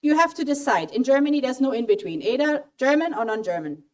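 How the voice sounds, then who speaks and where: A woman running an interactive quiz for a college audience in a hall, lively and coaxing as she asks for votes. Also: high-pitched, fast talker. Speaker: German language speaker at a college event. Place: auditorium mini hall. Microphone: handheld mic.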